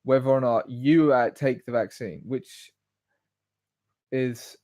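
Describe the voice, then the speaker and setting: Casting note: man, late twenties, mid-pitched voice, rambling livestream chat, dry close sound. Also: takes it slowly, warm tone, no room sound. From England. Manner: rambling, goes off on tangents. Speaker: live stream host. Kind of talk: casual solo livestream chat.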